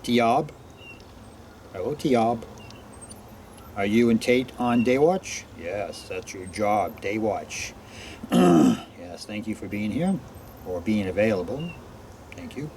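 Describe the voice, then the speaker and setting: A man vlogging outdoors in a forest, greeting unseen listeners one by one and answering for them in a quieter voice. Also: fairly low pitch, slow, long pauses, a little hiss or hum. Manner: greets each name, then answers himself in a quieter voice. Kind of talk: casual talk to unseen listeners.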